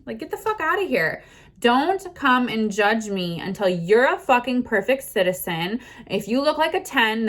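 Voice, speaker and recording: A woman's voice: a little high, fairly bright tone. A young adult woman ranting defiantly to her phone from inside a car, swearing constantly. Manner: heated, profane, defiant ranting. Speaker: content creator. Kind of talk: ranting to camera.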